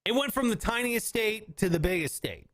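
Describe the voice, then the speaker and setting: A man with a Southern drawl hosting a comedy podcast, his voice pitched high and swinging all over the place. He keeps breaking into goofy bits and silly put-on voices as he chats. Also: expressive, normal speed, a bit bright, no echo. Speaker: podcast host. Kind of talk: comedic casual chat.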